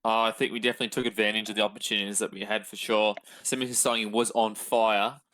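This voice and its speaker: A man co-hosting a casual sports podcast, talking in a measured, hesitant way with lots of fillers. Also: on the low side, level tone, sharp tone. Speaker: podcast co-host.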